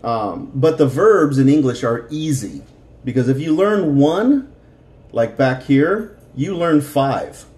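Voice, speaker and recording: A man's voice: medium pitch, expressive, slow pace, a little mellow, roomy sound. A middle-aged man teaching a Spanish lesson, patiently explaining grammar and repeating words for practice.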